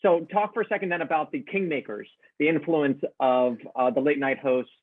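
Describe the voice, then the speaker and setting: A man moderating a Q&A, reading out audience questions haltingly. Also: fairly high pitch. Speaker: interview moderator. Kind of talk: moderating an online Q&A. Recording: tinny phone-like line.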